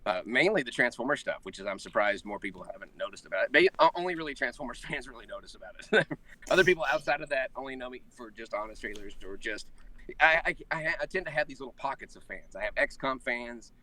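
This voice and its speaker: A man being interviewed about his voice acting work speaks in a brisk, bright voice. He tells anecdotes with plenty of energy and chuckles along the way. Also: medium pitch, recorded from a distance. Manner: animated, chuckles while telling anecdotes. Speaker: voice actor guest. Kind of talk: casual interview chat.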